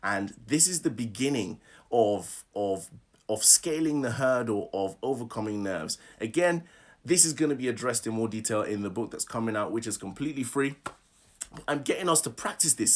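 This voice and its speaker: A man's voice: mid-range voice, expressive, moderate pace. A man coaching public speaking, leading listeners through affirmations and laughing often. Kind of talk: live online workshop talk.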